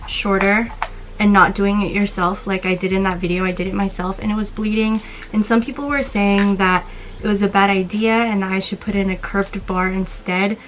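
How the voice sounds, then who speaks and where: A woman's voice: medium pitch, slight background noise, rough recording. A young woman-voiced speaker in their twenties with a slight lisp, rambling in a casual vlog chat. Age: 20s. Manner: rambling, chatty, casual swearing. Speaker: vlogger.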